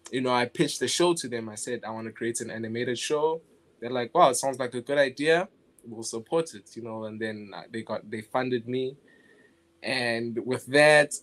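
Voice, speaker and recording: In a casual interview, a young South African guest who works as an animator speaks at medium pitch. His manner is easygoing, with frequent laughter and restarted phrases.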